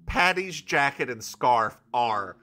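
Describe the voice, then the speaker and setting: A man co-hosting a casual podcast, walking through a TV episode and slipping into playful character voices. His tone is bright, his pitch swoops around a lot, and he takes his time. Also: animated, slow pace. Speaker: podcast co-host. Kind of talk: casual recap chat.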